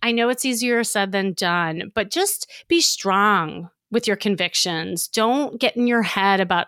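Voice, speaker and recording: A middle-aged woman, a dating coach, giving casual advice in an animated, upbeat way, chatty and full of fillers. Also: medium pitch, unhurried, hardly any pauses, clean tone, dry recording, studio quality.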